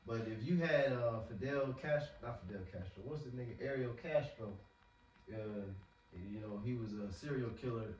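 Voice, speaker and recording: A man's voice: medium pitch, normal speed, a little mellow, lo-fi sound, a little hiss or hum. A man preaching in a casual, slangy way, often repeating words as he talks. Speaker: street preacher. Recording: echoey, from far off.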